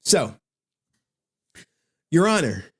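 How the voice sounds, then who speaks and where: A man's voice: a little high, very animated, drawn-out words, a bit bright, husky. A man hosting a commentary stream, reading a written statement aloud and breaking off with sarcastic, exasperated asides, swearing and laughing. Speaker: commentary channel host.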